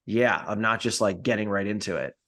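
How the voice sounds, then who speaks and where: A man co-hosting a podcast in casual chat, speaking haltingly and with many fillers. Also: lowish voice, fairly bright tone. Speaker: podcast co-host.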